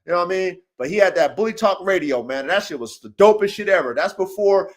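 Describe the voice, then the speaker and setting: Podcast host, man, high voice, profane and preachy, repeats himself. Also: lively intonation, quick pace. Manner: swears a lot, preachy and emphatic, repeats himself. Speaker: podcast host and dog breeder. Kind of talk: casual monologue.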